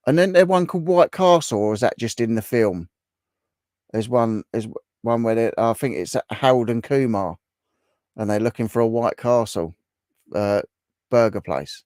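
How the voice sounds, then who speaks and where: A middle-aged Englishman chats away on his livestream, reading out and answering viewers' comments as he goes. His voice sits at an ordinary pitch and sounds close and dry, with no room around it. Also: a little mellow, dry recording. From England. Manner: chatty, reacting to viewer comments. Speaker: livestream host. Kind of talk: casual live chat.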